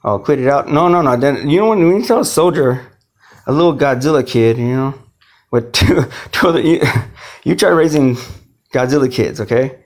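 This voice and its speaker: Man, mid pitch, unscripted heated monologue, swears freely, loses the thread and restarts. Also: animated, normal speed. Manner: emotional, rambling, swears often, restarts sentences. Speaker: speaker telling his own story. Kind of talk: rambling personal monologue.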